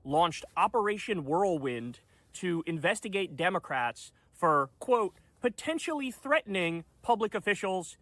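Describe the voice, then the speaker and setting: Sarcastic high-voiced man, political commentary. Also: big pitch swings, unhurried, a bit bright, dry recording. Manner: sarcastic, incredulous.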